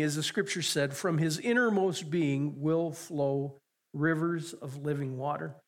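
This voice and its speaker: A man preaching a sermon in an earnest way, repeating phrases and slowing down on key words. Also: a little high. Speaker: pastor.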